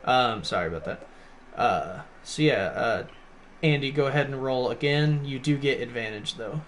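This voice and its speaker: A man's voice: medium pitch, moderate pace, fairly bright tone, slight background noise. A man acting as game master, casually narrating a tabletop game and laughing often as he checks rules. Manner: laid-back, laughs often, rule checks mid-sentence.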